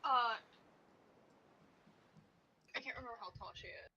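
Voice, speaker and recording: Slow, bright-voiced woman on a dull call line. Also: fairly high pitch, slight background noise. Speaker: player. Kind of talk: casual chat at a game table. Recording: dull, dry online call audio.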